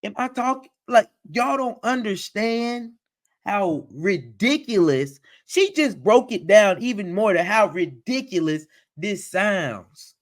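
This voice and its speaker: A man's voice: sits high, slow pace. Exasperated man riffing on a livestream. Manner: animated, exasperated, repeats phrases, mocks quoted voices. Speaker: livestream host reacting to a video. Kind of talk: casual reaction commentary.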